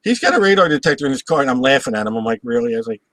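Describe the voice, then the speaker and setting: A man hosts a live show, telling a story at a very fast clip with lots of laughter. An animated storyteller, he acts out voices and laughs at his own jokes; his voice is medium-pitched and the recording is low quality.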